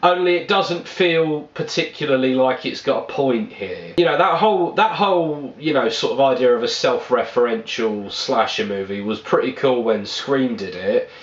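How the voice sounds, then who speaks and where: Male reviewer, plainspoken and profane, mid-pitched, recorded in an echoey room. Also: normal speed, few pauses, dull audio. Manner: rambling, blunt, swears freely. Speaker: movie reviewer. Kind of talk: casual spoken review.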